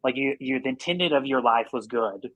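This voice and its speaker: A man's voice: medium pitch, fairly bright tone, no room sound, poor audio. Podcast guest: earnest man, rambling "like"-filled bursts, dry close mic. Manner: earnest, talks in quick run-on bursts with many "like"s. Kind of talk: casual conversation.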